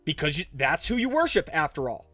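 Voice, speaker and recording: A young pastor with a fairly high voice chats loosely with his livestream viewers, picking up their questions as he goes. The sound is dry and close to the mic, with faint music playing under his voice. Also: very animated, a little fast, pushed and bright, no room sound. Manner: casual, conversational, answers chat questions. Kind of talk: livestream Q&A talk.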